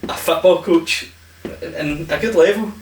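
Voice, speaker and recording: Scottish man, higher voice, easygoing host. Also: moderate pace, a crowd in the background. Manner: relaxed, agrees a lot with short replies. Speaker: podcast host. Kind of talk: casual chat. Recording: echoey room from far off with faint hiss.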